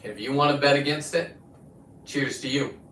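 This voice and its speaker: A man's voice: medium pitch, moderate pace, fairly bright tone, slight background noise. A man hosting his own livestream, ranting in a profane, combative, preachy way into a phone. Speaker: livestream host. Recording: echoey room, distant from the mic.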